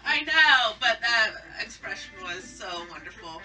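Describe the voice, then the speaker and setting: A woman's voice: on the high side, expressive, unhurried, pushed and bright, far from the mic, soft background music, rough recording. Teasing woman heard off-mic. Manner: teasing, giggly. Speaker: co-host partner.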